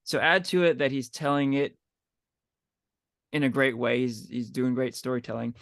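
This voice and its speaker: A man's voice: medium pitch, fairly even intonation, moderate pace, vocal fry, a bit bright, no echo, studio quality. A man co-hosting a podcast, talking eagerly in casual chat and often asking "right?". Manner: enthusiastic, chatty, often asks "right?". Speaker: podcast co-host.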